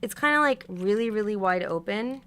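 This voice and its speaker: Bright chatty woman hobby vlogger. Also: mid-range voice, lively intonation, moderate pace, smooth. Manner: chatty, narrating her hands-on work, frustrated exclamations. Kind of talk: casual livestream chat while restringing a doll.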